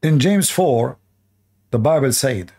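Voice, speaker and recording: A man's voice: medium pitch, animated, slow pace, mellow, husky. A man giving indignant, preachy reaction commentary in non-native English, asking his audience rhetorical questions. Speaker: online religious commentator.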